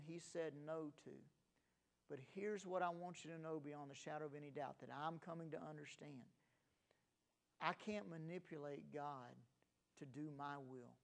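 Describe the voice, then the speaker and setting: A man delivers a sermon in an earnest pastor's voice, pitched a little high with a gravelly edge. He rises in pitch and volume when telling a story and drops lower and softer for the serious points.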